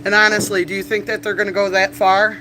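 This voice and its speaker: A woman's voice: mid-range voice, little pitch movement, fast, noisy background. A woman chatting casually on a livestream from a bar, rambling through stories with laughs and coughs. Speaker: livestreamer and bartender. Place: bar, indoors.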